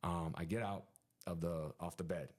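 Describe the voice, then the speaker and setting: A man guests on a podcast, telling a story in casual conversation with lots of animation, sound effects, and fillers. He has a low voice and speaks at normal speed.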